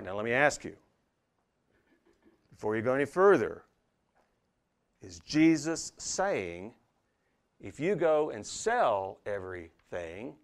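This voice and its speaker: A pastor delivers a sermon in an animated preaching style, putting rhetorical questions to the congregation. His voice is mid-range.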